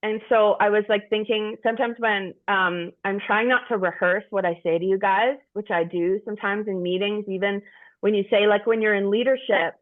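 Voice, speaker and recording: A woman's voice: mid-range voice, fairly even intonation, normal speed. A middle-aged woman candidly sharing personal stories with a group, frank and profane, rambling with restarts. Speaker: group participant. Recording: tinny phone-like sound.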